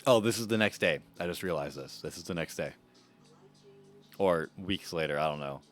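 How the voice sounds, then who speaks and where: A deep-voiced man streaming a video game. He makes casual, offhand asides with the odd swear word, with faint music behind him. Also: moderate pace. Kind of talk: casual let's-play commentary.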